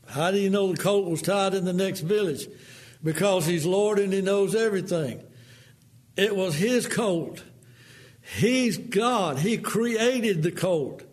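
Slow, high-voiced preacher. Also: male voice. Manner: folksy, drawls, acts out quotes in a lower voice. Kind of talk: sermon.

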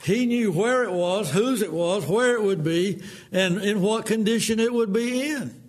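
Guy preaching a sermon, slow drawl, high-pitched, plays out quotes in a lower voice.

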